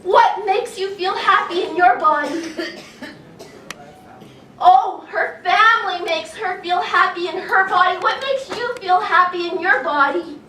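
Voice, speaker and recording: A woman with a very high, bright voice gives a playful, exaggerated talk to a live audience, acting out feelings with gasps and laughs. She sounds distant from the mic, in an echoey room with a faint hum of ambience. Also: unhurried. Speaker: children's educator giving a talk.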